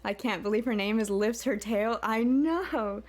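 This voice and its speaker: A woman game streamer chatting casually with her viewers in a soft-spoken, giggly way. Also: fairly high pitch, measured pace. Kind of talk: casual live-stream chat.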